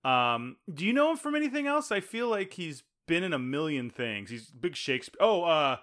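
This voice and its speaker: Casting: talkative male podcast co-host, bright forceful tone, slightly high voice. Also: very animated, normal speed. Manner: chatty, tangents, laughs often. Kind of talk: casual chat.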